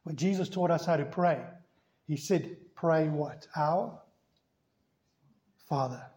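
A man's voice: a little high, slow, a little mellow. A man preaching a sermon as pastor, telling stories with emphatic, rising delivery. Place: church.

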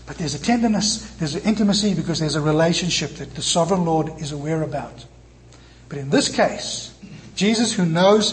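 A man preaching a sermon in church, moving between lively emphatic passages and soft, tender quoted lines. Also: high voice, a little hiss or hum. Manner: animated preaching, quoting scripture in soft tender tones. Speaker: pastor.

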